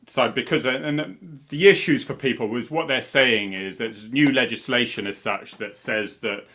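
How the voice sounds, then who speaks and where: Bright-voiced man from Cornwall, rambling. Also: mid-range voice, normal speed. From Cornwall, England. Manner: rambling, chuckling, self-correcting. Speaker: co-host, former police officer. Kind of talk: casual chat. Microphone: video call.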